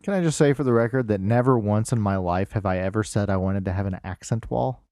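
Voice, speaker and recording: A man co-hosting a casual video game podcast, measured and hesitant, often pausing on fillers. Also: on the low side, dark tone, no room sound, studio quality. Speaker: podcast co-host. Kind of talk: casual chat about video game news.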